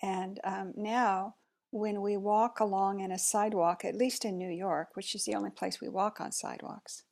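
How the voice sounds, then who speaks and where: A middle-aged woman chatting casually, reflective and unhurried, with soft laughs. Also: mid-range voice, steady tone, creaky. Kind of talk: casual chat.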